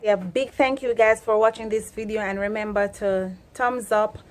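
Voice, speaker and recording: A young adult woman with a Jamaican accent, teaching Jamaican words in a casual, animated chat and laughing often. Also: mid-range voice, moderate pace. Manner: animated, laughs often, acts out loud commands. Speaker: vlogger.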